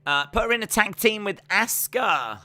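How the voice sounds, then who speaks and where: A man hosts a relaxed live watch-along, chatting and reading out comments from his viewers. His voice is very bright and cutting, and his pitch jumps around a lot as he jokes. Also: normal speed, no room sound. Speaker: live stream host. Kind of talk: casual wrestling watch-along chat.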